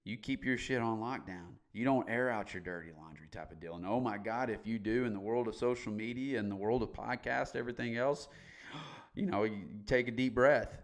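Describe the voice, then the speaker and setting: Blunt, low-voiced man telling his story. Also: fairly quick, hardly any pauses. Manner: blunt, emphatic, swears casually. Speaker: podcast guest. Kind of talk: candid interview storytelling.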